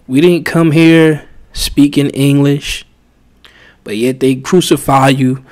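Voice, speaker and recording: A man's voice: a little high, takes it slowly, a little mellow. A man who teaches religion, giving rambling, heated casual commentary with frequent restarts.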